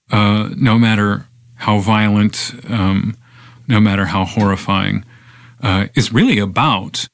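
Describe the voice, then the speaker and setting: A man reading a poem aloud on a podcast, then reflecting on it in a measured, unhurried way with thoughtful pauses. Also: lowish voice, creaky, dry recording, clean studio sound. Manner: measured and unhurried, with pauses and fillers when speaking freely. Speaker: podcast poetry reader. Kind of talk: slow poetry reading and reflective commentary.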